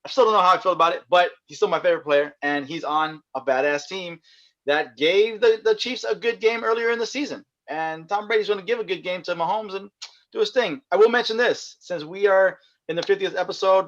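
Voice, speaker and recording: A man's voice: high-pitched, a little fast, fairly bright tone. Rambling male co-host, lo-fi sound. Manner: rambling, laughs often, many restarts. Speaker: podcast co-host. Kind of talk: casual sports podcast chat. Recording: dull lo-fi sound.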